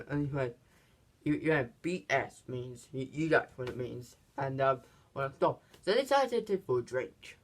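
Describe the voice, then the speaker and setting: Halting, filler-heavy movie reviewer. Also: expressive. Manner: halting, many fillers and restarts; acts out quoted lines in higher voices. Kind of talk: casual plot recap.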